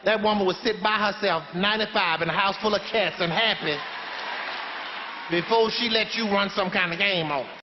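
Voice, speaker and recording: This stage-play monologue features a man in the role of a sassy, preachy grandmother dispensing blunt, folksy, sermonizing advice to a live theater audience. He speaks high at a normal speed, close to an everyday voice. The audio is a dull recording from a reverberant hall, with slight background noise.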